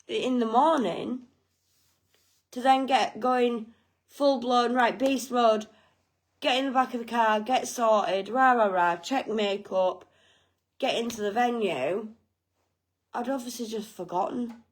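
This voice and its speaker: A woman's voice: fairly high pitch, unhurried. Frank woman telling a story. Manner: frank, swearing, self-mocking. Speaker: vlogger. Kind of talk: casual storytelling.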